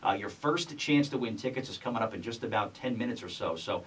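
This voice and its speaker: A man's voice: medium pitch, lively intonation, a bit bright, far from the mic, a little hiss or hum, rough recording. A man hosting a radio talk show, chatting casually with a guest and using a lot of fillers. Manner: quick, chatty, frequent fillers. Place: radio studio.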